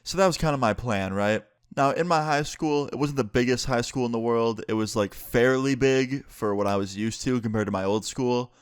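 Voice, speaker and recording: A man's voice: mid-range voice, normal speed, hardly any pauses, smooth, no echo, clean studio sound. A young man in casual storytime narration, laid-back and full of fillers, swearing now and then. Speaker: YouTuber.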